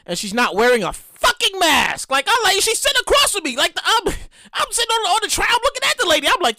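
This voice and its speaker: Animated high-voiced woman podcast host. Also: fast talker, dry recording, clean studio sound. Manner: animated, profane, ranting storyteller. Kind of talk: casual solo podcast monologue.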